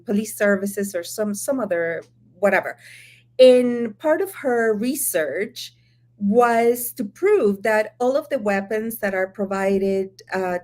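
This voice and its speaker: A woman with a Spanish accent, co-hosting a casual mentoring discussion, often laughing as she tells stories. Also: mid-range voice. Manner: laughs often, animated storytelling. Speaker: mentor and co-host.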